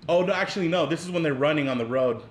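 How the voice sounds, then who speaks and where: A young man co-hosting a podcast, calmly retelling a film's scenes in casual speech with some swearing. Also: a little high, rapid-fire, slight background noise. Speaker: podcast co-host. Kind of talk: casual movie recap.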